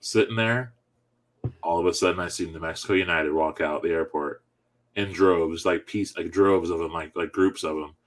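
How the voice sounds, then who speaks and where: Man with a low voice telling a story. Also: normal speed. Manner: animated, laughs often while telling a story. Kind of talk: casual chat.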